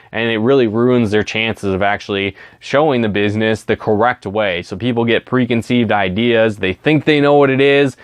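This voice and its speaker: Smooth-voiced man teaching in a chatty way. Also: on the low side, dry recording. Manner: chatty, frequent "right?" tags, acts out sample invitations. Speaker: network marketing trainer. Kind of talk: casual training talk.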